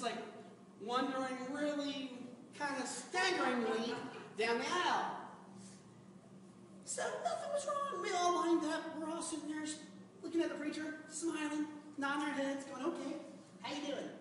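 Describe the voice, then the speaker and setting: A man giving a humorous personal story speech to a club audience, animated and laughing along as he tells it. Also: extremely high pitch, normal speed, a little hiss or hum. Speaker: speaker at a public speaking club. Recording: echoey hall, recorded from far off.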